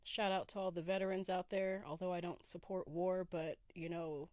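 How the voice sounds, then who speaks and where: A woman's voice: fairly low pitch, flat delivery, normal speed, a little mellow, no room sound. Sleepy, laid-back woman podcaster. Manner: laid-back and giggly, with slang and swearing. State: sleepy, groggy morning voice. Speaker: podcast host. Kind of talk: casual solo podcast chat. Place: inside a camper van.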